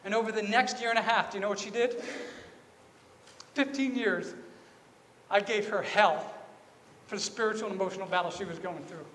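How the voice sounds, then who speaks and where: A man's voice: high-pitched, fairly quick, a bit bright, slight background noise. A man preaching a sermon as pastor, telling a personal story earnestly and repeating key phrases. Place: church sanctuary. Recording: reverberant church hall with faint ambience.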